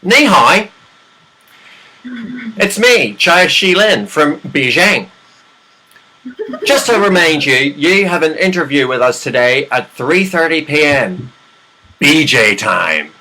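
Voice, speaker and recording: A man's voice: on the high side, lively intonation, takes it slowly, pauses often, bright, forceful tone, heavily acted, rough recording. A man voicing a brash male job recruiter from Beijing in a put-on Chinese accent, clipped and mock-formal, over a hissy video call. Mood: chirpy. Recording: hissy online call audio.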